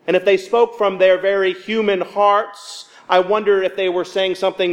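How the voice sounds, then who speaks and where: A man preaching a sermon, measured and paced with dramatic pauses. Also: sits high, little pitch movement. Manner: measured, with dramatic pauses and voiced quotes of the disciples.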